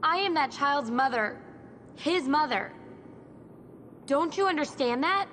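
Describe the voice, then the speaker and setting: A desperate birth mother who refuses to be kept from her son. Her voice sits high and her talk is urgent, insistent and pleading throughout this dubbed drama scene. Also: expressive, unhurried, a bit bright, a little hiss or hum.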